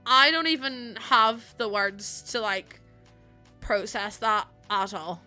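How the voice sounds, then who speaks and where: Young streamer, woman, bright crisp tone, excitable and quick to laugh. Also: mid-range voice, faint music behind. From Northern Ireland. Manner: excitable, gushing, breaks into laughter. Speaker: livestreamer. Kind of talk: casual livestream chat.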